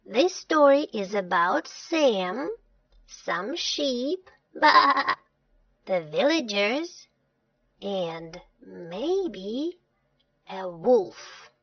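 A woman storyteller narrating a children's storybook in a slow, expressive way. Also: medium pitch, dry recording. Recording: dull lo-fi dry recording.

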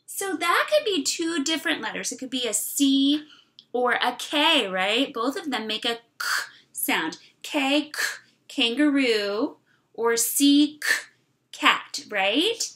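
Female teacher, middle-aged, talks slowly to young children and sounds out words; animated, somewhat high voice. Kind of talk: online kindergarten writing lesson.

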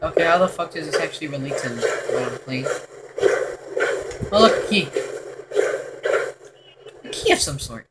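A man narrating his own horror game run, profane and easily startled. His voice leaps around in pitch as he yelps and mutters. A constant noisy hiss sits under the recording. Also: normal speed, long pauses. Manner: profane, excitable, jumpy reactions. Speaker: gameplay commentator. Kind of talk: let's play commentary.

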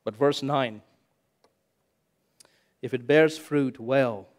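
A male pastor preaching a sermon, animated, repeating lines for emphasis and swinging from loud to hushed. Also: mid-range voice, very slow.

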